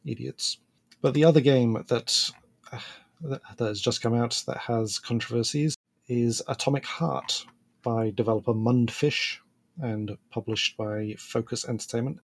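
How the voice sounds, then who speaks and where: A man with a slightly husky voice co-hosts a podcast in relaxed, chatty talk. He laughs often and trails off into fillers as he goes. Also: medium pitch, a little slow. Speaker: podcast co-host. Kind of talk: casual podcast chat.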